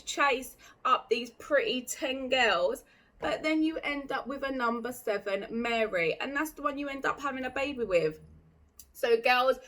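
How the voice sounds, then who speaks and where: A woman's voice: a little high, a bit bright. A young woman vlogging in a blunt, chatty, opinionated way, full of "like". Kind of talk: casual chat to camera.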